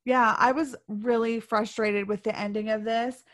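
Frank woman with a fairly high voice. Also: fairly even intonation, moderate pace, fairly bright tone. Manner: frank, frustrated, emphatic. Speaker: podcast co-host. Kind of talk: casual movie review chat.

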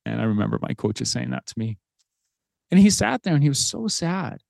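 Earnest dad telling a story, dry mic. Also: male voice, mid-range voice, brisk, vocal fry, a little mellow, dry recording. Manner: earnest, conversational, with fillers. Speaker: podcast host. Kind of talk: casual storytelling.

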